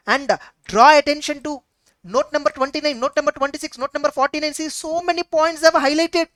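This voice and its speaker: A woman's voice: high-pitched, fairly bright tone, dry recording. A woman with an Indian English accent teaching an online exam-prep lecture, emphatic and repetitive, posing rhetorical questions.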